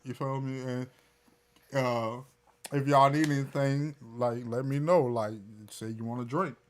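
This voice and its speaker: A man's voice: medium pitch, steady tone, measured pace, a little hiss or hum. A young man with a New Orleans accent, chatting casually on a podcast in a drawling, laid-back way. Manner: laid-back, drawling, keeps asking "you feel me?". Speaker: podcast co-host. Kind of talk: casual chat.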